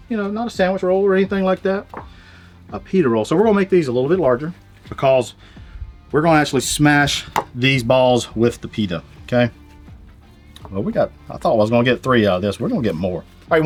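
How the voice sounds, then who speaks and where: A man with a Southern US accent hosting a griddle cooking show, joking in a folksy way. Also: on the high side. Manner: folksy, joking, drawling sayings. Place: outdoor griddle cooking set.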